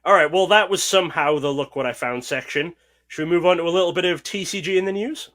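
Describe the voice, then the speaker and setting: A man's voice: on the high side, quick pace, fairly bright tone. A man from Northeast England with a mild accent from there, co-hosting a casual podcast and patiently explaining things in an easygoing way. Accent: mild Northeast English. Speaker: podcast co-host. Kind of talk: casual chat.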